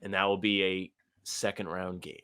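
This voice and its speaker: Low bright-toned young man, laid-back. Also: little pitch movement, moderate pace, clean tone. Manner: laid-back, dry humor, short replies. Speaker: podcast co-host. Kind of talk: casual sports podcast chat.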